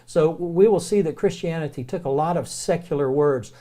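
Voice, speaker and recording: With a fairly high pitch and a Southern American accent, a man teaches the Greek alphabet in a casual, folksy recorded lecture. He slows down as he spells out words.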